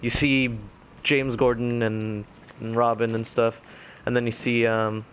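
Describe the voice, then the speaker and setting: A young man casually retelling a video game ending, rambling with many fillers and quickly mimicking the characters' lines. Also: mid-range voice, little pitch movement, fairly bright tone, a little hiss or hum. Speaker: gaming commentator. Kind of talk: casual spoken game recap.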